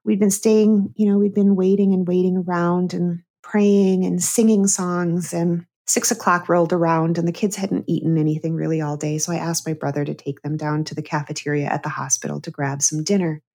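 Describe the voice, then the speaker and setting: A middle-aged woman with a lower-pitched voice speaks as an interview guest. Her storytelling is earnest and candid, moving from heavy memories toward easy laughter. She sounds like a therapist with a comedian's timing. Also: little pitch movement, fairly quick, few pauses, warm tone. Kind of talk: heartfelt personal storytelling in a podcast interview.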